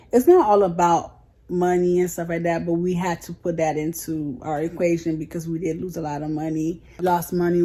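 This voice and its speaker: A woman's voice: lowish voice, dark tone. A young adult woman telling a story to her viewers in a casual, frank way, full of slang. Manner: chatty, frank, heated retelling with slang. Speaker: vlogger.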